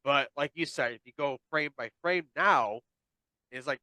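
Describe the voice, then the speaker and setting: A man's voice: mid-range voice, normal speed, pushed and bright, smooth, dry recording. A man hosting a casual podcast chat, rambling and restarting as he chimes in.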